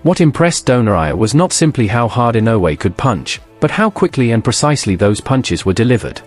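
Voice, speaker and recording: A man reading formal, scripted sports narration in an even, measured manner. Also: mid-range voice, faint music behind.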